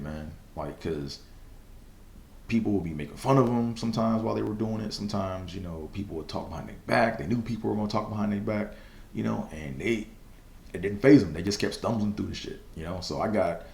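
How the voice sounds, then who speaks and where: A man's voice: sits low, a little fast, gravelly, roomy sound. A young man hosting a casual solo podcast, telling a personal story in a loose, rambling way full of fillers and swearing, with a stutter now and then. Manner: stutters at times. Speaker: podcast host.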